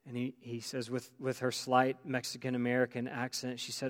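A man preaching a sermon as pastor, telling a story with many restarts and drops to near-quiet. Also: medium pitch, completely flat delivery, moderate pace, hardly any pauses.

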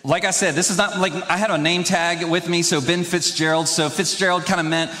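This young man's voice sits high with fairly even intonation, a slightly fast pace, and a bright, forceful tone, with a little background noise and long hall reverb. He preaches conversationally, rambling, restarting, and laughing at himself in a self-deprecating sermon.

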